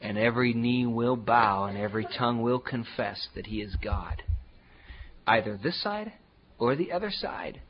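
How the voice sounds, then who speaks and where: A man preaching a sermon as pastor, emphatic and repetitive, swinging from loud declarations to hushed asides. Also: medium pitch, animated, normal speed, husky, highs cut off.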